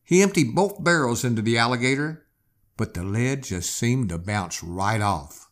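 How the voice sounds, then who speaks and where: A man hosting a history show, telling the story in a dramatic, expressive way. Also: medium pitch, moderate pace. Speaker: history podcast host. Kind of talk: storytelling narration.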